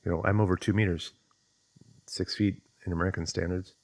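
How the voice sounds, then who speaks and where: A man's voice: sits low, steady tone, brisk, no echo. A man speaking in a thoughtful, conversational way as he teaches self-development, working through questions aloud. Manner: acts out inner voices in quotes. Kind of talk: reflective explanatory monologue.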